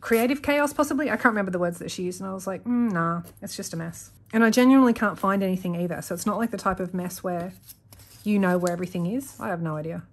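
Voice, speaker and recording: A young woman talks fast in a mid-range voice, chatting casually to viewers as she sets up her planner. The planner vlogger rambles and corrects herself along the way.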